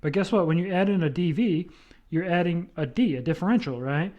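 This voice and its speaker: A man's voice: high voice, fairly quick, highs cut off. A man lecturing on math, explaining step by step and checking in often with "right?". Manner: explanatory, repeats with "right?" and fillers.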